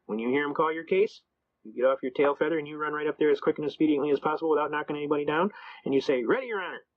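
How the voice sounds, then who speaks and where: A man with a somewhat high voice races through a folksy, colloquial lecture to his listeners. He drops double negatives and plain talk as he goes. The recording sounds dull and lo-fi. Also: fairly even intonation, rapid-fire. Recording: dull lo-fi audio.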